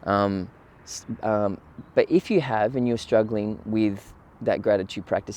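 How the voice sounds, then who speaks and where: A man giving a relaxed, conversational outdoor talk on gratitude, often checking in with his listeners. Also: on the low side. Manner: relaxed, conversational, frequent "right?" and "you know". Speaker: meditation teacher. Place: outdoors by the water on a windy morning.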